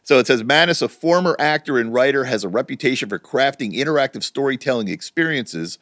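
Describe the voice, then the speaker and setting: A middle-aged man co-hosting a casual podcast, telling stories with lively energy and free swearing. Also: mid-range voice, a little fast, background noise. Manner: animated storytelling, swearing freely. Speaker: podcast co-host. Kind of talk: casual chat.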